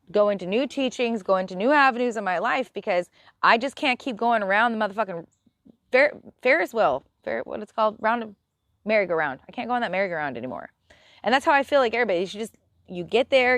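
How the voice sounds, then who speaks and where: A woman's voice: mid-range voice, no echo. A woman hosting a live stream who talks bluntly and exasperatedly in a casual spiritual rant, swearing freely.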